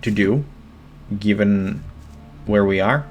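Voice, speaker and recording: A man giving monotone, hesitant game walkthrough commentary with many fillers. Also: on the low side, slow, slight background noise.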